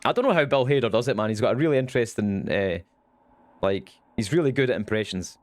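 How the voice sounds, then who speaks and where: A man's voice: medium pitch, animated, fast talker. A young Scottish man chatting casually on his live stream, rambling and swearing now and then. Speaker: Twitch streamer.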